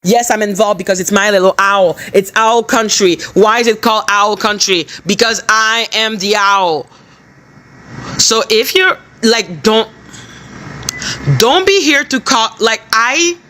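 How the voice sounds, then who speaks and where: A woman's voice: medium pitch, a bit bright, a little hiss or hum. A woman hosting a live stream, angrily scolding her chat moderators with lots of swearing. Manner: angry, profane, scolding. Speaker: livestream host.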